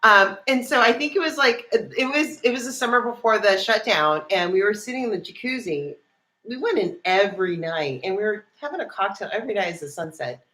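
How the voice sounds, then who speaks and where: A woman chatting casually on a livestream with her husband, telling stories in a lively, animated way. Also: medium pitch, a little fast. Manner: chatty, animated storytelling with laughs. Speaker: co-host, wife of the host.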